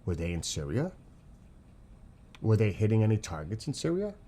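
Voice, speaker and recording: A man from New York City with a New York accent, hosting a livestream and commenting on flight tracks while reading chat, excitable and rambling, asking questions as he goes. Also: on the low side, normal speed, a little hiss or hum.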